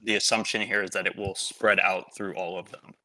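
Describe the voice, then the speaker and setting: A man's voice: sits low, flat delivery, brisk, very noisy. A man playing in a tabletop game over voice chat, laying out plans in a laid-back way. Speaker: player.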